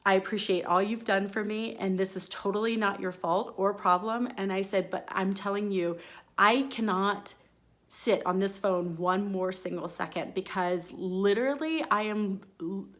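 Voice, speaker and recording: Female host, relaxed storytelling monologue, lively and expressive delivery. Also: mid-range voice, normal speed. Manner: chatty and expressive, acts out her own quoted lines. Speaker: podcast host.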